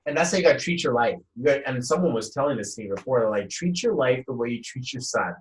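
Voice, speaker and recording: A young man hosting a casual motivational live talk, energetic and rambling, often repeating words as he speaks at home. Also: medium pitch, quick pace. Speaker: host. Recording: roomy echo, voice from a distance.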